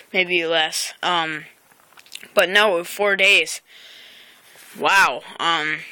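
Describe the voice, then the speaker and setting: A woman's voice: fairly low pitch, sharp tone, clean tone, no room sound. A teenage girl vlogging outdoors into a phone, rambling with lots of ums and self-corrections. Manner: halting, rambling, many fillers and self-corrections. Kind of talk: casual rambling vlog. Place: outdoors by a house. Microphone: phone camera.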